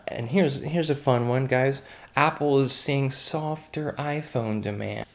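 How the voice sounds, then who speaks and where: Casual man reading headlines with blunt asides. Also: fairly low pitch. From United States. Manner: reads headlines then adds blunt, offhand asides with frequent fillers and restarts. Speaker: host of a daily online news roundup. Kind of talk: casual news reading with commentary.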